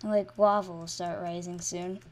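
Moderately paced and excitable, a channel host narrates her own gameplay in a casual way, veering between soft mumbling and shrill, loud shrieks. A little hiss or hum sits in the recording.

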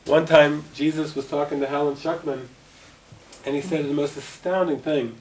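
A man's voice: fairly high pitch, moderate pace. A middle-aged man giving a spiritual talk to a gathering, telling stories and acting out conversations. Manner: animated storyteller, acting out dialogue. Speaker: spiritual teacher. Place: meeting room at a gathering. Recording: distant mic with faint noise.

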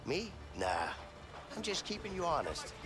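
A man's voice: high-pitched, very animated, normal speed, music in the background. An actor playing a sardonic, needling male convict in a video game. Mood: teasing. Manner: sarcastic, needling.

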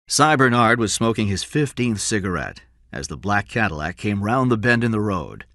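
Bright-voiced male audiobook narrator. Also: lowish voice, sing-song, dry recording, studio quality. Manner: clear, measured storytelling.

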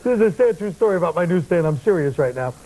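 A male comedian as a talk show guest, riffing with wry deadpan and mock-serious asides. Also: high voice, fast, rough recording. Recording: old broadcast tape with faint hiss.

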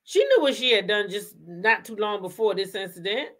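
A woman's voice: medium pitch, sing-song, normal speed. A woman hosting a casual commentary show, talking emphatically, repeating her points and firing off rhetorical questions. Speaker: commentary host.

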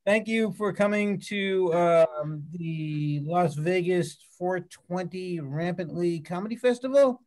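A man hosting a comedy show, wrapping up the night with loose, halting announcements from the stage. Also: high-pitched, a little mellow. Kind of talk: closing announcements.

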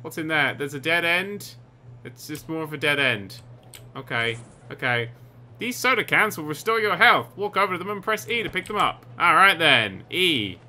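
A man commentating over a video game he is playing, excitable and sarcastic, swearing often. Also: fairly high pitch, moderate pace. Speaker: gaming commentator. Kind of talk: let's play commentary.

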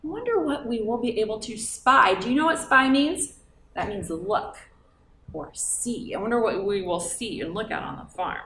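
This is a woman librarian reading a picture book aloud to kids, coaxing and sing-song, pausing to quiz them. Her fairly high voice has lively intonation and a pushed, bright quality at a normal speed. There's slight background noise, and the sound is roomy and far off.

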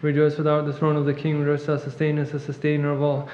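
Male reader, rapid monotone liturgical recitation; muffled, long church reverb. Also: a little high. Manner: fast monotone recitation, clears throat at times. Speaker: reader at a monastery service. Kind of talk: rapid liturgical chant reading.

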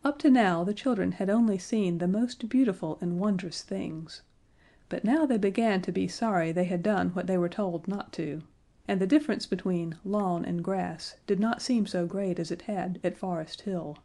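A woman narrating a children's fantasy audiobook in a gentle, measured way. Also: fairly low pitch. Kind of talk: scripted storybook narration.

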